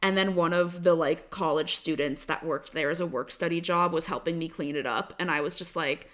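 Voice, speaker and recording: A young woman co-hosts a podcast in loose, casual chat. She tells stories, and her sentences are packed with "like." Her voice sits a little on the low side. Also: steady tone, a little fast, hardly any pauses, a bit bright. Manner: chatty storytelling, heavy on "like" fillers. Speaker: podcast co-host.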